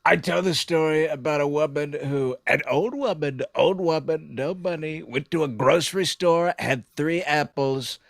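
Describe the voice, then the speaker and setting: A man's voice: a little high, normal speed, gravelly, hardly any pauses, dry recording, studio quality. A man doing an impression of a boastful older male politician, telling a rambling, childlike story with pompous boasts.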